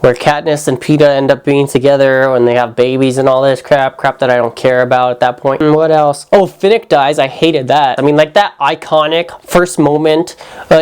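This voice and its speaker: A young man giving a casual, animated movie review, full of slang and "like", sometimes acting out quotes. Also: on the high side, smooth.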